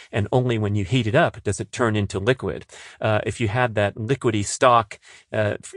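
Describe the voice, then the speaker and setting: A man's voice: on the low side, no room sound, clean studio sound. A middle-aged man hosting a solo podcast, chatty and enthusiastic, with lots of "uh" fillers. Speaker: podcast host. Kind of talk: casual solo podcast talk.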